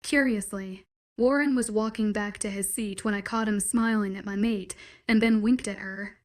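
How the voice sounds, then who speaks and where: A woman reads a first-person romance audiobook aloud in an even, steady way. Her voice sits at an ordinary middle pitch for a woman. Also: moderate pace. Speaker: audiobook narrator.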